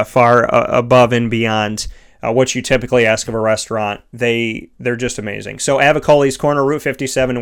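An earnest man delivers a motivational self-help talk. He builds his points through repeated, emphatic lists. His pitch sits at an ordinary middle for a man. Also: clean tone. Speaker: host of a sponsored motivational segment.

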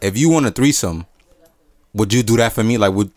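A man's voice: lowish voice, a little fast, a little mellow, no room sound. A man co-hosting a casual podcast, laid-back and talking at length. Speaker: podcast co-host.

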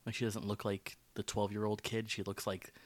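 A man's voice: fairly low pitch, flat delivery, normal speed. A man co-hosting a casual film podcast, talking in rambling runs full of fillers and restarts. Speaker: podcast co-host.

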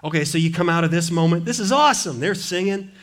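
A man preaching a sermon as pastor in a church, lively and conversational, dropping playful quoted asides. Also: on the high side, fast talker. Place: church sanctuary.

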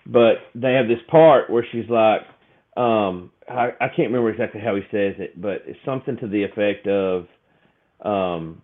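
On a podcast, a co-host with a lowish voice speaks at normal speed in casual chat. He's emotional and rambling, full of restarts and fillers, and his voice sounds thin and tinny, as if over a phone line.

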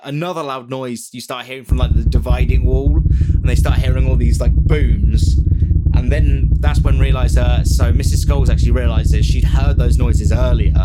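A man hosting a relaxed chat, retelling a spooky tale in a loose, rambling way. He jokes as he goes and laughs at his own asides. His voice sits at an ordinary middle pitch. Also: heavy background noise. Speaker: podcast host retelling a ghost story. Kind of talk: casual storytelling chat.

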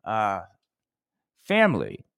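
A man's voice: lowish voice, huge pitch swings, takes it slowly, gravelly, a bit bright, clean tone, no room sound. Laid-back guy, dry close sound. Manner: laid-back, drawling, peppered with "man" and "you know". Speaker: podcast co-host. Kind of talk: casual chat.

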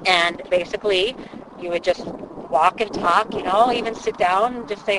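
A woman guide chats about ghost hunting in a lively, storytelling way. She is outdoors near a waterfront, and faint traffic and open-air ambience sit behind her voice. Her pitch is middling for a woman. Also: moderate pace. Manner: chatty, animated storyteller. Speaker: paranormal investigator guide. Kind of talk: casual explanatory chat.

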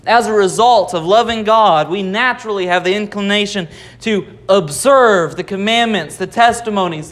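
A man's voice: sits high, a bit bright. A man preaching a Sunday sermon, explaining scripture patiently and repeating key phrases for emphasis. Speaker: pastor.

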